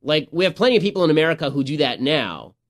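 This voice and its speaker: Man, podcast host, rapid-fire political commentary, sarcastic, slightly raised pitch. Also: big pitch swings. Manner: sarcastic, mocking.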